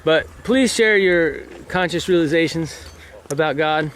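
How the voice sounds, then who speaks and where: A man's voice: on the high side, a little slow, fairly bright tone, slight background noise. A man chatting as an affable, joking interviewer. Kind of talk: casual chat.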